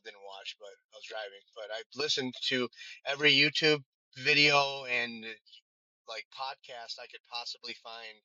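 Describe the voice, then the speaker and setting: Speaking with a bright, forceful, medium-pitched voice, a man who is both a firefighter and a vending business owner recounts his story in a casual interview. He restarts often and uses plenty of fillers; the audio is dull and lo-fi without echo.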